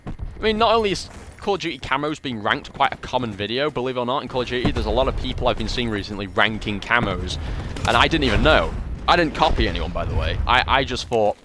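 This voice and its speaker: A young gaming streamer rambles and makes jokes at his own expense as he chats casually with viewers during a shooter game. His medium-pitched voice is fast and animated, against a noisy background.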